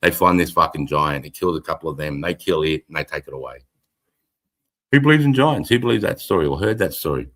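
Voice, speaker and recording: A man's voice: rumbling low, expressive, brisk, fairly bright tone. An Australian man hosting a casual livestream, rambling and swearing freely. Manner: rambling, heavy swearing, frequent laughter. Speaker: livestream host.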